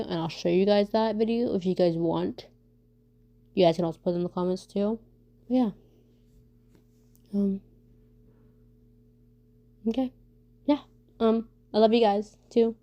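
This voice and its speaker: A woman vlogging casually for her viewers, talking fast and stumbling over her words, with lots of fillers and restarts. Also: medium pitch. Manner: fast talker who stumbles and stutters; many fillers and restarts, animated storytelling. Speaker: vlogger answering viewer questions. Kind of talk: casual rambling chat.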